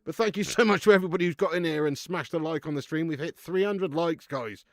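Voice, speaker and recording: A man's voice: fairly high pitch, fast, dry recording. A man hosting a live football watch-along stream, chatting casually with viewers, laughing often and swearing freely.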